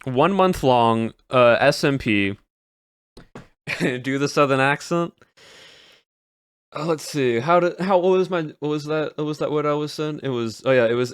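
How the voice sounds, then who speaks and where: A man's voice: medium pitch, moderate pace, clean tone, dry recording, clean studio sound. A male streamer chatting casually to his chat as he recaps the year, rambling and repeating words. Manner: rambling, repeats words, trails off mid-sentence.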